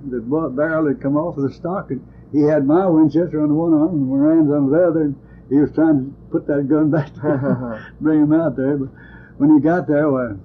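A man's voice: on the high side, fairly even intonation, moderate pace. An older man, telling rambling, folksy stories from his days as a lawman in an oral history interview. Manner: rambling, folksy, ungrammatical country speech. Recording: tinny lo-fi tape with hiss.

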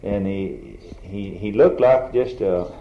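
A man chatting about the past in a halting, hesitant way with many fillers. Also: deep voice, expressive. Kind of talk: casual oral history chat. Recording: roomy, dull old tape recording.

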